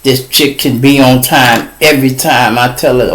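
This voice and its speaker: A man's voice: mid-range voice, moderate pace, hardly any pauses, slight background noise. A middle-aged man with a Chicago accent, hosting a podcast and telling a casual street story, calling out to listeners. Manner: animated street storytelling, addresses listeners as y'all. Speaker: podcast host.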